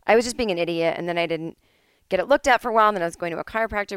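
A middle-aged woman hosting her own podcast from home, chatting casually with animated, sarcastic asides. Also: mid-range voice, rapid-fire, clear, resonant tone, no room sound. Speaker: podcast host. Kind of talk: solo casual chat.

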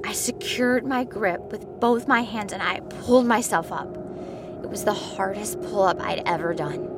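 A woman's voice: medium pitch, normal speed, background noise. A woman narrating a first-person scary story, building tension and sometimes dropping to a whisper. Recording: clear music bed behind voice.

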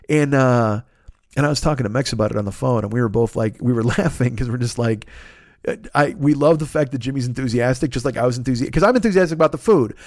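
Fifty-something guy rambling on his podcast, swears a ton, talks fast, super dry mic. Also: mid-range voice, dry recording. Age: 50s. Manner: profane, rambling, animated storytelling. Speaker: podcast host. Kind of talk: casual solo podcast monologue.

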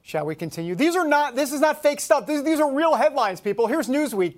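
A man hosting a talk show reads headlines aloud with sarcastic disbelief, mocking them in casual news commentary. His voice is extremely high-pitched and expressive, brisk with few pauses.

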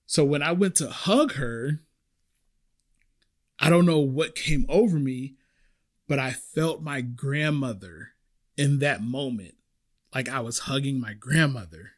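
A man's voice: mid-range voice, takes it slowly, long pauses. A young man hosting a podcast, telling a personal service-industry story and acting out the people in it. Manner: animated, acts out quoted voices. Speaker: podcast host.

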